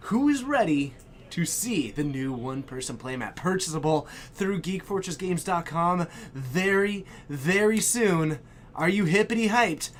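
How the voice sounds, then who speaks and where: A man hosting a live stream, chatting with viewers in a hyped, exclamatory way and breaking into shouts. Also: a little high, slight background noise. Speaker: stream host. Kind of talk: excited live-stream chat.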